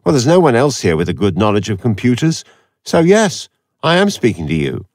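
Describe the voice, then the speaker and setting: A man's voice: medium pitch, huge pitch swings, fairly quick, no echo, pitched above the performer's own voice. A man voicing a cold, sardonic computer expert with a dry, cutting, detached manner.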